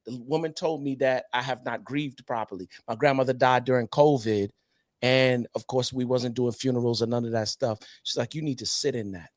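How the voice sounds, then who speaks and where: A man from North Carolina telling a personal story in a casual group chat, animated and repeating words for emphasis. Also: medium pitch, brisk. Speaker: panelist.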